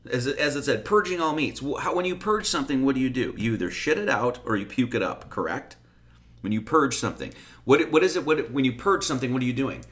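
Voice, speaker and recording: A man's voice: mid-range voice, expressive, quick pace, a bit bright. A middle-aged man teaching an informal sermon, reading Bible verses with emphasis and explaining them with rhetorical questions. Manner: conversational, rhetorical questions, frequent "okay?" and "right?"; reads scripture verses in a raised, emphatic voice. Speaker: teacher of esoteric Bible study.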